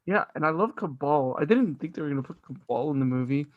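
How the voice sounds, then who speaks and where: A man's voice: on the high side, expressive, fast, no room sound, narrow, tinny audio. A man chatting casually as a podcast co-host, enthusiastic and rambling, swearing often. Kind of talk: casual movie review chat.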